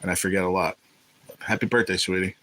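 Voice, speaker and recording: A man's voice: low-pitched, flat delivery, fast talker, pushed and bright, rough recording. A man hosting a casual livestream, talking in a blunt, profane, irritated way. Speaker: livestream host.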